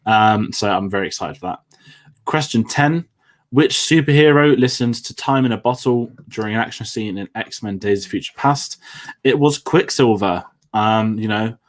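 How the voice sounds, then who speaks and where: Chatty man hosting a quiz. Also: lowish voice. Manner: chatty, self-deprecating. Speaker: quiz co-host. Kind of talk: casual quiz chat. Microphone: headphones on.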